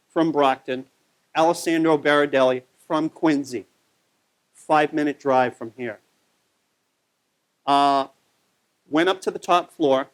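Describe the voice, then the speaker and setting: A man giving a conversational local history talk over a slide show, telling the story with plenty of fillers. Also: a little high.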